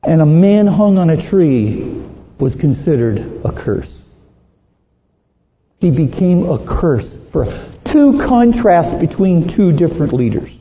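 A man delivers an earnest, emphatic sermon, his voice high and unhurried. The sound is thin and phone-like, and his words ring out through a long, echoing hall. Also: big pitch swings. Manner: earnest, emphatic, dramatizes Bible quotes. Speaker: preacher.

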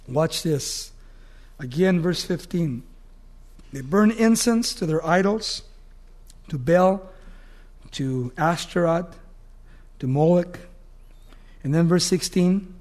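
A man's voice: a little high, animated, slow, pauses often, darkish tone. A man preaching a sermon, telling a story animatedly and asking his listeners questions.

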